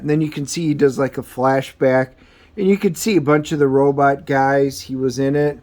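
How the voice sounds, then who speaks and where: A man's voice: mid-range voice, fairly even intonation, moderate pace, a little mellow. A man recapping a comic book in a casual, rambling review, full of uhs and ums.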